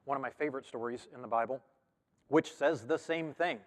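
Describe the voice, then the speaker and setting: A male pastor talks through a Bible passage in a relaxed, conversational way. He often stops with an um, restarts or corrects himself. His mid-pitched voice rings with the long reverb of a big church hall. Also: brisk. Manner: conversational, with frequent fillers and self-corrections. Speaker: pastor teaching a Bible study. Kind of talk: casual Bible study teaching.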